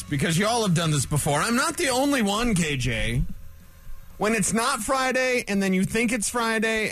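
A man's voice: sits high, a bit bright. A man hosting a sports radio show, talking bluntly and with a lot of feeling, venting frustration in a casual, opinionated way. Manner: ranting, blunt and emotional.

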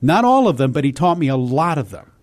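An older man, a voice actor, telling stories in an interview with lively energy. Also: fairly high pitch, a little fast, no echo. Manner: animated, slips into character voices. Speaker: voice actor guest. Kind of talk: storytelling interview.

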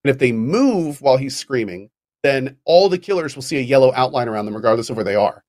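A man's voice: mid-range voice, lively intonation, quick pace, darkish tone, no echo. Male podcast co-host, casual explainer, rambling restarts, dry close sound. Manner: explains at length with fillers and restarts. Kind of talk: casual chat explaining game mechanics.

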